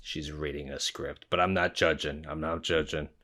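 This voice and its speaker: A man hosting a reaction video, talking casually and excitably, swearing freely and laughing between remarks. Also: rumbling low, normal speed.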